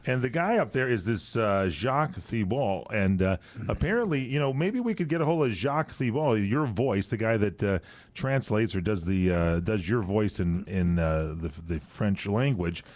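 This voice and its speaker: A man co-hosting a radio talk show, chatting casually and throwing in quick teasing quips. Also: fairly low pitch, lively intonation, no echo. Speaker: radio co-host.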